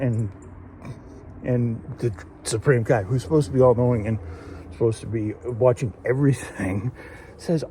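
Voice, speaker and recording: A man's voice: medium pitch, normal speed, dark tone, a little hiss or hum. A man hosting a casual solo episode review, rambling with many fillers and restarts. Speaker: show host reviewing an anime episode.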